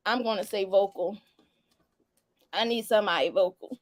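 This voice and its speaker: A woman's voice: medium pitch, moderate pace, pauses often, dry recording. A young adult woman hosting a casual live-stream chat, laughing and teasing as she reads viewer answers. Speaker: host.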